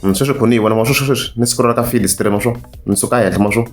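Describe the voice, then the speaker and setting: A man's voice: mid-range voice, rapid-fire. Man musing over posts. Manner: mixes English and Tsonga, hums and muses aloud. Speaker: entertainment commentator. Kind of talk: casual commentary while scrolling social media.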